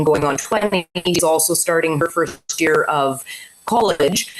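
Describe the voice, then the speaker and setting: A woman in her forties talks casually over a video call. Her voice sits a little low, and she rambles with many fillers. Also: rough recording. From Canada. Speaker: teacher candidate. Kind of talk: casual webinar talk.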